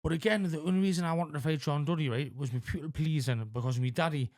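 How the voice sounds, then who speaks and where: A man in his forties talking candidly as a podcast guest, halting with lots of fillers and frequent swearing. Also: on the high side, darkish tone, dry recording, studio quality. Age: 40s. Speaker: podcast guest in addiction recovery. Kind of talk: candid conversational interview.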